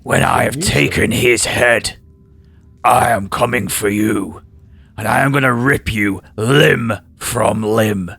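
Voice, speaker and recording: A man doing a gravelly vengeful warrior. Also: mid-range voice, takes it slowly, fairly bright tone. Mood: threatening. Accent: British. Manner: gravelly, terse, threatening. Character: defiant, vengeful male warrior prisoner.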